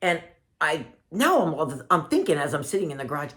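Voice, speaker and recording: A woman vlogger earnestly telling a personal story to her viewers, emotional and warmly addressing them as family. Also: low voice, sing-song, fairly quick.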